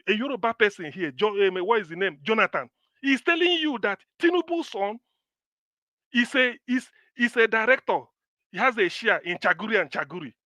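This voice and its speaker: Impassioned Nigerian man, high bright voice. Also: no echo. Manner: impassioned, lecturing, scolding viewers. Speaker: live stream host. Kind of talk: live stream commentary answering viewer comments.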